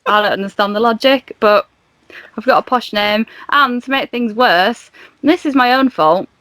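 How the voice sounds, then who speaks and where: A woman's voice: fairly high pitch, normal speed, a bit bright, no echo. Giggly, self-deprecating woman guest. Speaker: podcast guest. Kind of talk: casual comedy chat.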